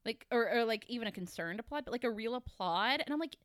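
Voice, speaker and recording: A woman from Kentucky, a guest author chatting on a podcast, animated and quick to act out characters' lines. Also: on the high side, smooth, no echo, clean studio sound. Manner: animated, acts out characters' lines, many fillers. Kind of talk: casual podcast chat.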